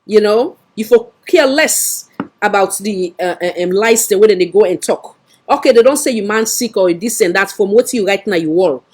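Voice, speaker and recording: A woman's voice: medium pitch, normal speed, a little mellow, slight background noise. A woman with a Sierra Leonean Krio accent giving scolding political commentary on a livestream, firing off rhetorical questions.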